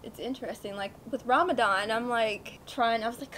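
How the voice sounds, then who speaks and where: Easygoing American woman, slightly high. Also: normal speed, crowd noise. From United States. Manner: easygoing, lots of "like", laughs often. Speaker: guest, friend. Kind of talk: casual chat.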